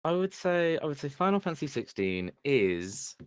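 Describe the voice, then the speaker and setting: A man's voice: fairly high pitch, very animated, normal speed, smooth, no echo, studio quality. A man co-hosting a podcast, chatting casually and hesitantly searching for the right words. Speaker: podcast co-host. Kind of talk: casual chat.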